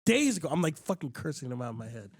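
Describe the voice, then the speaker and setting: A man hosting a podcast, telling a story in casual chat, animated and acting out other people's lines, with frequent swearing. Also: on the high side, fast talker, no room sound, clean studio sound. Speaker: podcast host.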